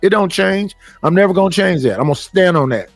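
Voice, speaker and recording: A man's voice: high voice, expressive, fast talker, creaky, dry recording, soft background music. Blunt, profane middle-aged man ranting. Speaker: stream host. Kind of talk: casual live-stream rant.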